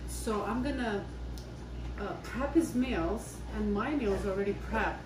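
A woman talks casually to the camera while she cooks in a home kitchen. She is a little away from the mic in an echoey room, with a clear hum of ambience behind her. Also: medium pitch, measured pace. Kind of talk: casual vlog chat. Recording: roomy kitchen sound from a distance.

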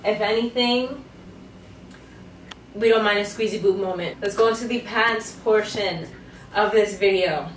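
A woman's voice: mid-range voice, measured pace, long pauses. Sassy young woman in a roomy room. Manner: chatty, playful and sassy, slangy asides. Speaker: fashion vlogger. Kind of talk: try-on haul commentary. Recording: roomy, mic far off, faint noise.

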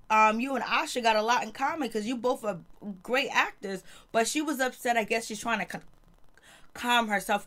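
With a fairly high, slightly bright voice, a woman who reviews TV gives a slangy, casual rundown of a reality TV episode, voicing the quoted lines herself as she replays the scenes.

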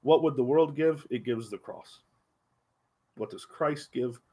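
A man teaching an adult Bible class in a church, speaking earnestly and slowing down for emphasis on key phrases. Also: mid-range voice, dark tone, breathy edge. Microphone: livestream microphone.

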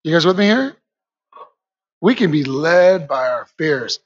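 A man preaching a lively sermon to a church congregation, calling out to them and rising to shouts. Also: fairly high pitch, measured pace, muffled recording. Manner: energetic, call-and-response with congregation, rises to shouts.

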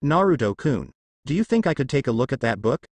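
A man's voice: medium pitch, sing-song, a little fast, husky, no echo. A man doing a stern young ninja woman. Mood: restrained. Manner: restrained, careful. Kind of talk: fanfiction audiobook reading.

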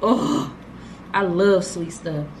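A woman's voice: lowish voice, steady tone, slow pace, slight background noise. Gushing woman vlogger unboxing gifts. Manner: chatty, gushing, talks straight to viewers. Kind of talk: casual unboxing vlog. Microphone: handheld camera.

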